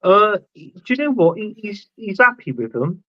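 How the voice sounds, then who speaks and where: A man's voice: sits high, big pitch swings, moderate pace, no room sound. A man joining a casual football chat as a guest, talking hesitantly with lots of ums. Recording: dry, dull lo-fi call audio.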